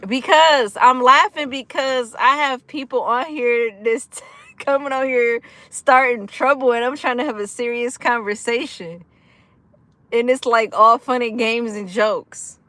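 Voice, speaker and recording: Energetic woman streamer chatting w/ viewers, lots of giggles, bright highish voice, dry close sound. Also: measured pace, no echo. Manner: energetic and giggly, laughs often between sentences; chatty, with frequent fillers like "like" and "y'all". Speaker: livestream host of a gambling recovery channel. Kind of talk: casual livestream chat, reading and answering comments.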